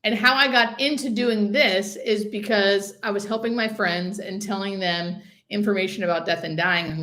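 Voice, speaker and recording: A woman's voice: mid-range voice, fairly bright tone. Chatty woman hosting a live stream. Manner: chatty, reads out viewer comments. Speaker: hospice nurse and live stream host. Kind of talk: casual live stream chat.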